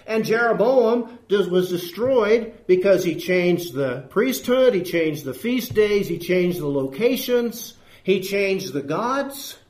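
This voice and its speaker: Preacher guy, pretty high voice, earnest and emphatic, lots of rhetorical questions, echoey room. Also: animated, slow pace, a little mellow. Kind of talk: sermon.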